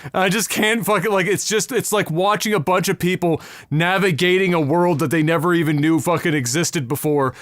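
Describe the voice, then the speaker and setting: A man's voice: high-pitched, a little fast, dry recording, clean studio sound. A man co-hosting a casual podcast, laid-back and profane, laughing along with his co-host.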